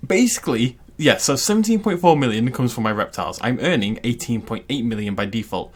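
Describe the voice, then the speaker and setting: A man hosting a gaming channel, giving chatty, excitable let's-play commentary and laughing often. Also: medium pitch, fast talker, hardly any pauses, a little hiss or hum.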